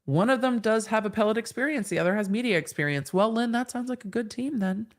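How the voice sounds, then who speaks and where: A woman's voice: a little high, lively intonation, fast talker. A woman in her thirties hosting a live stream, reading viewers' chat comments aloud and answering them in a frank, chatty way.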